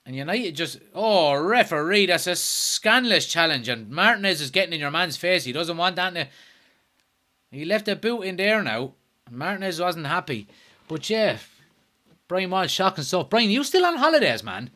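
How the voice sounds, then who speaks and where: A young man hosting a live football watchalong, reacting excitably, swearing often and reading out viewer comments. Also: fairly high pitch, moderate pace. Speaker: watchalong host.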